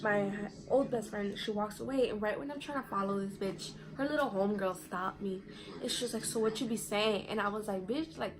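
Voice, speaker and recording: Animated young woman telling a storytime. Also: medium pitch, brisk, a crowd in the background, poor audio. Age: young adult. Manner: animated, profane, reenacts quotes. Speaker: vlogger. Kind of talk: casual storytime.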